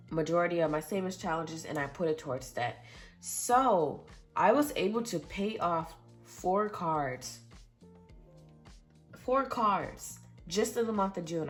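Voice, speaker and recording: A young adult woman talking casually and earnestly to her viewers, reading out exact figures. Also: sits low. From Michigan, USA. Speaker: budgeting vlogger. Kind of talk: casual budget update.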